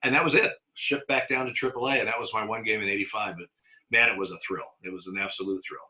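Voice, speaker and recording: Brief: man, former umpire guest, very bright tone, slightly low pitch, animated storyteller who stumbles and restarts. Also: quick pace, poor audio. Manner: animated anecdotes with many restarts and acted-out quotes. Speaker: retired baseball umpire guest. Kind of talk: storytelling in a conversational interview.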